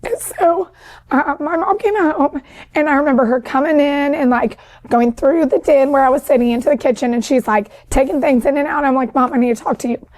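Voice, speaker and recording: A woman with a high-pitched voice tells her story as a podcast guest. She is talkative, and her sentences spill out with lots of "like" and "um.". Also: normal speed, darkish tone. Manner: talkative, with many fillers like "like" and "um"; describes herself as an overachiever and people pleaser who is always talking. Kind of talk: emotional personal storytelling.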